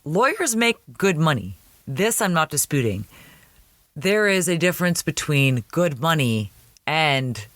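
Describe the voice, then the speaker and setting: A man's voice: mid-range voice, fairly bright tone, dry recording. A man hosting a podcast, recapping a TV episode in a chatty, wry way. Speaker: podcast host.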